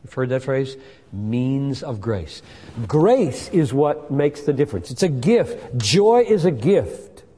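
A man in his sixties preaching a sermon. His delivery swings between loud emphatic bursts and soft asides. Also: medium pitch, lively intonation, slow, husky. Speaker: pastor. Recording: long hall reverb.

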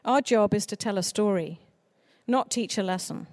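A woman who writes children's books, giving an earnest, expressive talk on writing for children. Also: mid-range voice, moderate pace, no echo, clean studio sound. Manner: earnest, expressive speaker with mock voices for quoted people. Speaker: children's author. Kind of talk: conference talk.

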